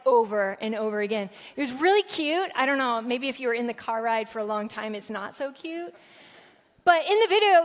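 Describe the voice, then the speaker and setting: A woman's voice: high-pitched, long reverb tail. A woman pastor preaching a sermon in a conversational, playful way to a live congregation in a church sanctuary.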